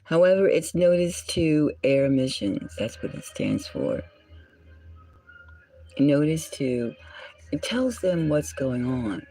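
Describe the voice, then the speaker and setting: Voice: medium pitch, wildly swooping pitch, takes it slowly, vocal fry, mellow, poor audio. A tarot reader and channel host giving a solo reading in a musing way, often dropping into a whisper and stopping to correct words.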